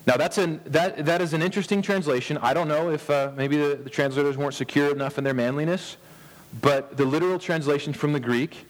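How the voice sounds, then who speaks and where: A man in his thirties preaching a sermon as a pastor, earnest, pausing for emphasis and often restarting his words. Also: a little high, long reverb tail.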